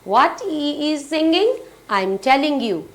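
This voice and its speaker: A woman's voice: sits high, very animated. A woman teaching children a phonics lesson, asking questions and answering them herself, with much repetition. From Pakistan. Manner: slow, repetitive, asks and answers own questions.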